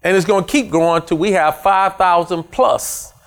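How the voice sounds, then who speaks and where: A pastor preaches to his church in an animated style, slipping into other people's voices to make his point. His voice sits a little high for a man. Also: normal speed, soft background music. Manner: animated, acts out the congregation's voices. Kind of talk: sermon.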